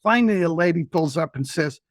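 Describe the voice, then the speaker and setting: Older guy rambling thru an old story, slightly high voice, dry close mic. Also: lively intonation, a little fast, no echo. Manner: rambling, folksy. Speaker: guest. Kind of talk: personal storytelling.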